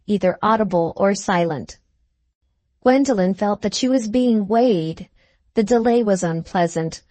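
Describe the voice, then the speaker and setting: Woman audiobook narrator, measured delivery, dry close recording, mid pitch. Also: warm tone, no echo. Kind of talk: scripted narration of a classic novel.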